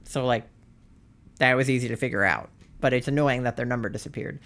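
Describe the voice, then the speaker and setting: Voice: mid-range voice, fairly quick, fairly bright tone. Rambling, gushing streamer chatting casually. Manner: rambling, says "like" constantly; earnest and gushing. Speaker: livestreamer. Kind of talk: casual chat.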